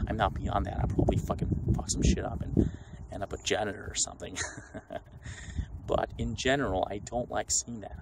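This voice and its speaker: A man's voice: fairly low pitch, creaky, noisy background. A man delivering an unscripted, rambling rant full of swearing, often acting out what other people say. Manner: rambling, profane, animated, acts out quotes.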